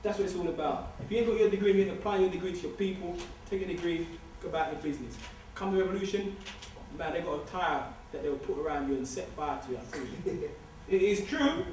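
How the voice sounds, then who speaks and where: A man lectures a student society in a loose, streetwise way, hammering points home by repeating them. His voice sits fairly high for a man and sounds distant, caught from across a big lecture hall with heavy echo and faint hiss behind it. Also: animated, fast, a little mellow. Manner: streetwise, joking, emphatic repetition. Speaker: guest speaker. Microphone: far room recording. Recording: distant echoey hall recording.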